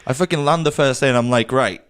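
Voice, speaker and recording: A man's voice: medium pitch, quick pace, fairly bright tone, clear, resonant tone. A young man, a podcast co-host telling a long story in casual banter, stammering and swearing freely.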